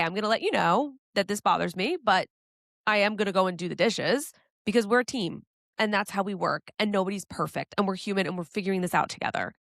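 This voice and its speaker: A woman's voice: mid-range voice, creaky, a bit bright, no room sound, clean studio sound. A woman hosting a solo relationship advice podcast, talking candidly and conversationally, with the odd casual swear. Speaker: podcast host.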